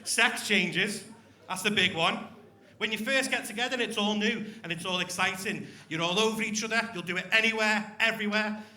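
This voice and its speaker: A man's voice: high-pitched, normal speed, pushed and bright. A young man doing a crude, swearing stand-up routine with crowd work on a comedy club stage. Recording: echoey club room.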